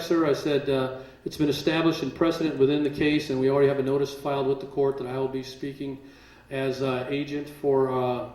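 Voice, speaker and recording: A man speaking at a live seminar, telling stories animatedly and acting out what others said, with occasional laughter. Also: a little high. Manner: animated, acts out quotes, laughs while telling. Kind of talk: storytelling to a live audience. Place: large room with a live audience. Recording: roomy echo, distant mic.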